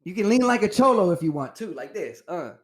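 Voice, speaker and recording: A man's voice: high-pitched, big pitch swings, fairly quick. A man co-hosting a comedy podcast, bantering in a playful, slangy way. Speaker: podcast co-host. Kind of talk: casual comedic chat.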